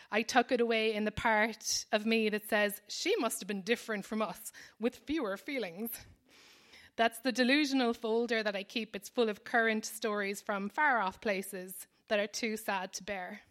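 A woman's voice: on the high side, a bit bright. Rambling Irish woman comic. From Ireland. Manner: rambling, self-deprecating, lots of fillers. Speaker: comedian. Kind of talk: stand-up storytelling. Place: New York.

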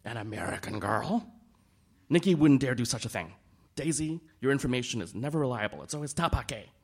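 A man's voice: mid-range voice, animated, fairly quick, voice pushed up. A man voicing an indignant, easily alarmed middle-aged society mother in a raised voice.

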